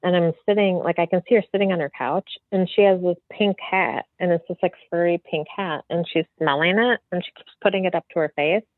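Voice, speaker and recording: A woman medium, a podcast guest, telling a story in a free-flowing, animated way full of fillers. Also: fairly low pitch, fairly quick, hardly any pauses, dry recording. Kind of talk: casual storytelling in an interview. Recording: tinny phone-like line, dry.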